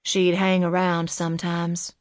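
A woman voicing a wizened, guarded old man who answers in gruff, hoarse, terse lines. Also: fairly low pitch, monotone, no echo, studio quality, lightly acted. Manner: terse, evasive, slow replies.

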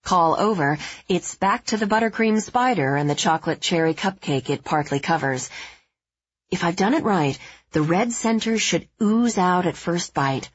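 Audiobook narrator, woman, first-person, husky and dry, dull studio sound. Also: lowish voice, lively intonation, moderate pace, dry recording.

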